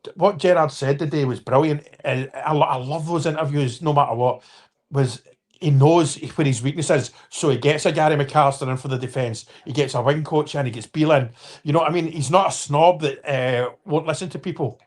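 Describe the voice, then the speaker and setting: A man's voice: on the high side, a little fast. A man in his fifties hosting a casual live-stream football chat, rambling with restarts and apologies and talking to viewers by name. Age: 50s.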